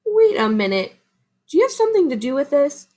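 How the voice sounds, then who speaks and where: A woman's voice: high-pitched, big pitch swings, a little fast, darkish tone, pitched above the performer's own voice. A woman voicing a loving mother hyena in a storybook read-aloud, doting and fussy.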